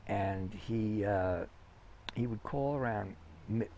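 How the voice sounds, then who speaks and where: Slow, low-voiced man telling stories. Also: warm tone, a little hiss or hum. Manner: rambling anecdotes with many restarts and fillers. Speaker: interview guest. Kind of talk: conversational storytelling.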